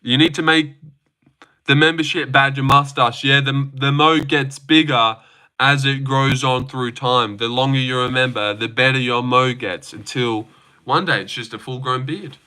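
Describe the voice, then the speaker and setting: A man's voice: mid-range voice, steady tone, normal speed, sharp tone, smooth. A young man hosting a casual live stream from his phone, joking, swearing now and then and answering chat comments.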